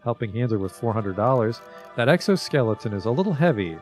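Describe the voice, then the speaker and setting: A man's voice: mid-range voice, very animated, fast talker, over music. A man streaming a video game, chatting casually, reading item descriptions aloud and swearing now and then. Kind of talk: casual livestream commentary.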